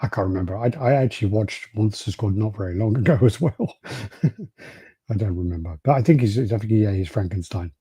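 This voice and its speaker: A man's voice: fairly low pitch, brisk, dark tone, husky, dry recording. Casual British man swearing through stories. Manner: storytelling, swears freely, laughs often. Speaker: podcast co-host. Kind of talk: casual chat.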